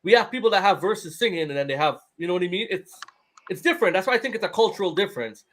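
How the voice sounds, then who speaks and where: Podcast co-host, man with a high voice who talks animatedly. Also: very fast. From Toronto, Canada. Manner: animated, repeats words when starting a thought. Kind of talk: casual chat.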